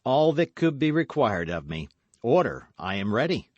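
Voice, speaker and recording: A man's voice: mid-range voice, very animated, moderate pace, dry recording, highs cut off, voice pushed up, natural voice. A man reading an audiobook, voicing a passionate young swordsman who speaks in eager, impassioned exclamations. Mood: ardent, eager.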